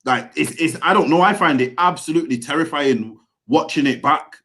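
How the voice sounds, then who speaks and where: A young man co-hosting a football podcast in slangy, animated banter. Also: on the high side, brisk. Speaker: podcast co-host. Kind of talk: casual podcast chat.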